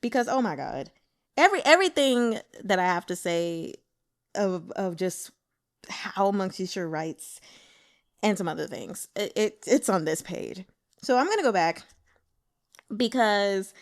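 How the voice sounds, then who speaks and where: Excitable woman chatting about a book. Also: medium pitch, a little slow. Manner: excitable, teaches Mandarin name pronunciation. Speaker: book club host. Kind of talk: casual book discussion.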